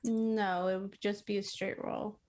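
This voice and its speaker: A woman acting as game master, narrating a tabletop game in a halting way, with many pauses and fillers. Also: medium pitch, level tone, darkish tone, a little hiss or hum.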